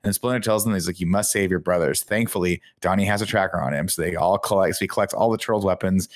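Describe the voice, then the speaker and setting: Low-voiced man with a wry recap. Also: fairly even intonation, fast talker, no echo, clean studio sound. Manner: wry, sarcastic storytelling. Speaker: podcast co-host. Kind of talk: casual movie recap chat.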